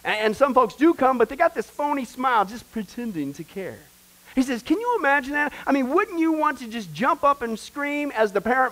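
Male church class teacher, high-pitched, conversational preaching style, keeps checking in with the group. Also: animated, brisk, sharp tone, low-quality recording. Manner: conversational, asks the class rhetorical questions. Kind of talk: sermon-style Bible lesson.

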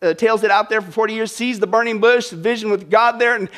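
High-voiced, joking male preacher. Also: fairly even intonation, a little fast, a bit bright. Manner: conversational, joking, frequent "right?" and "okay?" checks. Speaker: pastor. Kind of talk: sermon.

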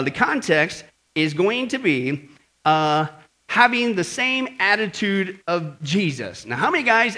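A man preaching a sermon as pastor, with lively asides and frequent "okay?" and "right?" checks to the congregation. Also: high voice.

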